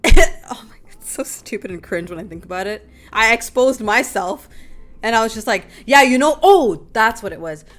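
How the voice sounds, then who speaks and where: Animated young woman telling a story. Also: mid-range voice. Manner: animated storytelling, addresses listeners as "y'all". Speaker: talk show host. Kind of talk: casual group discussion.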